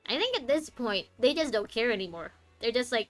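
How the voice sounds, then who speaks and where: With a high-side voice and big pitch swings, a young woman streaming a game talks briskly. She's chatty and joking, rambling and cutting herself off mid-sentence, while faint game music plays.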